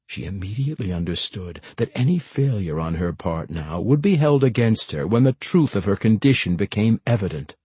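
A man narrates a fantasy tale with a lively, rising and falling delivery. His low voice has a husky grain, recorded dry and close. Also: no room sound. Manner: expressive, shifting voices for characters. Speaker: audiobook narrator.

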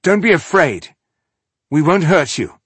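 Brief: a man playing a soft-spoken, coaxing adventurer pitched higher than his own voice in a storybook reading. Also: animated, a little slow, breathy edge, dry recording, heavily acted. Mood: gentle. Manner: gentle and coaxing. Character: gentle, coaxing male actor-adventurer.

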